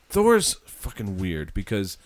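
Male podcast co-host, lowish voice, rambling casual talk. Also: huge pitch swings, drawn-out words. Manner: rambling, thinks aloud with restarts. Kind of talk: casual chat.

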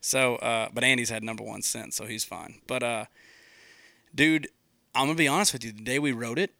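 A man's voice: mid-range voice, brisk, gravelly, sharp tone, no echo. A man, a songwriter, casually telling how a song was written, loose and rambling, swearing freely and often saying dude. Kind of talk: casual storytelling conversation.

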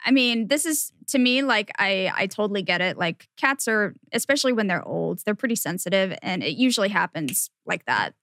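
A woman's voice: mid-range voice, animated, fairly quick, hardly any pauses, fairly bright tone, dry recording, clean studio sound. A woman co-hosting a podcast in casual chat, blunt and swearing often as she exaggerates for laughs. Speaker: podcast co-host.

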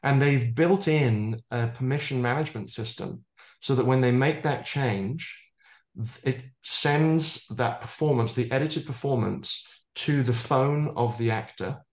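A man speaking as a futurist guest in a relaxed interview, moving from one example to the next. His voice sits in the middle range and carries a roomy echo around it. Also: medium pitch, a little slow. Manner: expansive, piles up examples, jokes about his own pronunciation. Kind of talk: casual interview talk.

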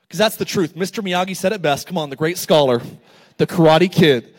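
A man with a notably high voice preaches with lively storytelling energy. He slips into casual asides, then rises to loud, emphatic calls to his congregation. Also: fairly quick. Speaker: pastor. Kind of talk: sermon.

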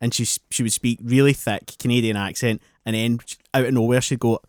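A Scottish man chats casually on a podcast and rambles through his anecdotes. His voice is moderately low and recorded dry and close. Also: steady tone, a little fast, a little mellow, no echo. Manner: chatty, laughing, rambling anecdotes. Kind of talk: casual chat.

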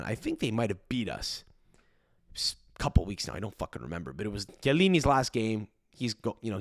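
A man hosting a podcast alone, ranting in a profane, rambling way with sudden jumps up in pitch. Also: no room sound, clean studio sound. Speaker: podcast host. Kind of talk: solo ranting podcast monologue.

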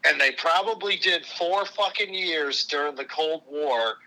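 A middle-aged man from the United States rants with fury, swearing constantly and pressing for agreement. His voice is very bright and tense, sitting fairly high. He talks as a podcast guest. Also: measured pace, poor audio. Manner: furious, heavy swearing, repeated "right?". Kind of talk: profane angry rant.

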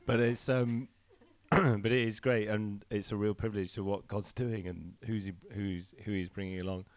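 A man talks casually about leading a church group, relaxed and a little hesitant. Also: lowish voice, normal speed, no echo. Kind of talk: casual talk.

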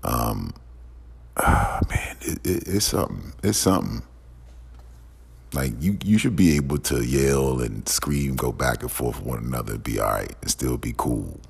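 Very deep gravelly man ranting angrily. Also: expressive, measured pace. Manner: heated, profane, repetitive. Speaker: podcast host. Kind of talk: angry ranting monologue. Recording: long echoing reverb.

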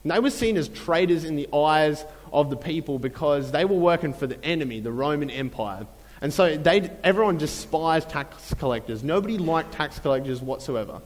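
A man preaching a sermon in a relaxed, conversational way, with many fillers and repeated phrases. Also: fairly high pitch, normal speed, big-room sound, poor audio. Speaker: pastor.

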